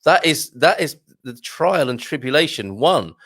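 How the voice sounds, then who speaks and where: A man's voice: on the high side, sing-song, unhurried, a bit bright, dry recording. A man hosting a morning live stream, chatting casually and joking as he reads out viewer comments from a home studio. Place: home studio with a green screen.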